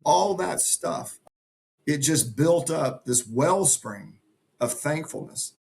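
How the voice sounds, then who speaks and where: A man's voice: on the high side, animated, takes it slowly, vocal fry, a little mellow. A middle-aged man speaking as a podcast guest, earnest and emphatic in a motivational way. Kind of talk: conversational interview.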